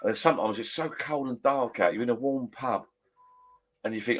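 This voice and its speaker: A man's voice: medium pitch, normal speed. A middle-aged man, chatting casually on a live stream from his garden bar shed and reading out viewer comments in a rambling, blokey way.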